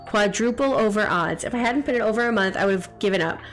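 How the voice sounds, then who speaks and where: A woman's voice: medium pitch, fairly bright tone, soft background music. A young woman streaming a game, chatting casually and teasing the viewers in chat. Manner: chatty, reads chat aloud, quick jokes and teasing.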